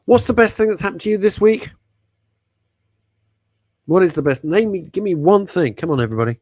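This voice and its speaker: In casual radio chat, a middle-aged man rambles through jokey stories and reads out listener messages. His voice sits high, expressive, a little fast and a little mellow, and there's no echo.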